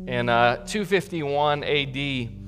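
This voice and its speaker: A man's voice: medium pitch, takes it slowly, big-room sound, over music. A male pastor preaching a sermon in a conversational way that builds to emphatic peaks. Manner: conversational, warm asides, rising to emphatic peaks.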